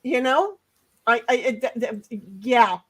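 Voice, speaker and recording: A woman's voice: a little high, lively intonation, unhurried, fairly bright tone. A woman co-hosting a casual livestream chat, rambling through stories with lots of restarts and giggles. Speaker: livestream co-host.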